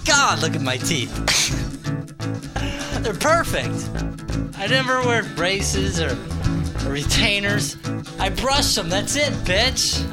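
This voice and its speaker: A man's voice: high voice, very animated, takes it slowly, pauses often. A young man rambling through a crude monologue to the camera, laughing at his own jokes and stumbling over his words. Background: guitar music.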